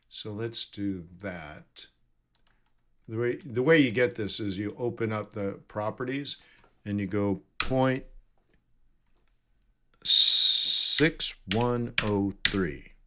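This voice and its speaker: A man streaming live trading commentary, his voice sitting low and his pace unhurried. He thinks aloud, reads figures off the screen and corrects himself often. Keyboard clicks and typing run behind him. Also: pushed and bright, slight background noise. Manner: thinking aloud, self-correcting, reading numbers off charts.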